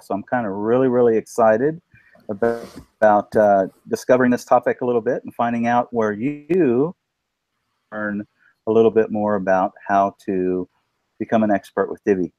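A man's voice: on the low side, no echo, lo-fi sound. A man hosting a live web panel show, upbeat and loose, with many fillers and a slight drawl. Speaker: podcast host. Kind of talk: casual live panel chat.

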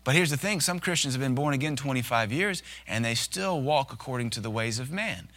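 A man preaching a sermon, his voice bright and forceful. He talks in a folksy, joking way and drops into short acted asides to make a point. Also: mid-range voice, expressive, fairly quick. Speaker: pastor.

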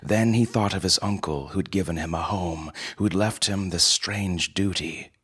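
A male storyteller reading in a steady, measured way. His voice is very deep and noticeably husky. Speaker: narrator. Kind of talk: audiobook story narration.

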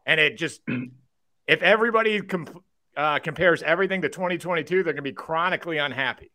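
A man's voice: on the high side, brisk, pushed and bright. A man on a real estate panel who argues in a loose, casual way with lots of fillers. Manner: casual, filler-heavy arguing. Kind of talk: panel debate.

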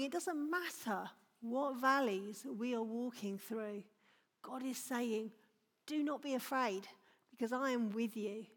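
A woman giving an earnest, exhorting response after a sermon in a church. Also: a little high. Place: church hall. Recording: reverberant church hall.

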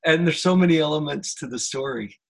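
A man hosting a podcast interview, his voice sitting a little higher than most men's. He talks in a slow, reflective coaching manner and lets his phrases stretch out. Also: slight background noise. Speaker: podcast host. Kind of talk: conversational interview.

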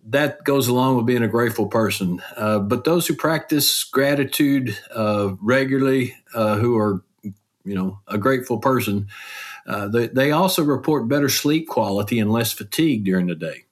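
A middle-aged man hosting a podcast, giving a folksy, animated motivational talk. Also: normal speed. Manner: folksy, animated, with mock quotes in a higher voice. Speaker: podcast host.

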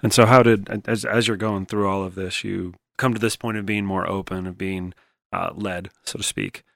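A man's voice: low-pitched, fairly even intonation, normal speed, creaky, no echo, studio quality. A man hosting a podcast, asking long, rambling questions. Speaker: podcast host. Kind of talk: interview questions.

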